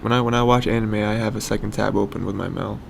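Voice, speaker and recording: A man's voice: on the low side, fairly even intonation, quick pace, vocal fry, slight background noise. A young man co-hosting a podcast, chatting casually and joking with his friend, laughing often. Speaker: podcast co-host. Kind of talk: casual chat.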